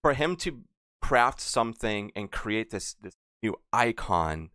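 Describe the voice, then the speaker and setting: A man's voice: lowish voice, big pitch swings, slow pace, bright, forceful tone, clean tone, dry recording, studio quality. A man hosting a podcast interview, asking long, casual, rambling questions. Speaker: podcast host.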